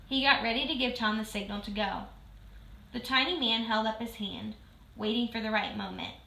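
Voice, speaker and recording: Woman reading a children's book aloud, bright, slightly high voice, echoey room. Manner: clear, steady storytelling. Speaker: reader. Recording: roomy echo.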